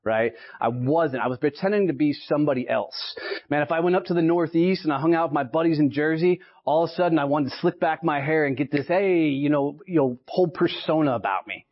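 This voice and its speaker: A fast, slightly high male voice belongs to a sales speaker from Texas, late thirties, addressing an audience at an association meeting. His motivational pitch comes in punchy anecdotes, frequently punctuated with "right?" It's captured as a dull, lo-fi live speech recording.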